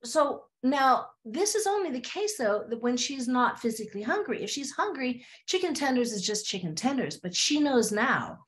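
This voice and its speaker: A woman's voice: fairly high pitch, normal speed, few pauses. A woman therapist, a podcast guest, telling stories from her practice and acting out the voices of her clients and herself. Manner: animated, acts out client dialogue. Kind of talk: storytelling in a podcast interview.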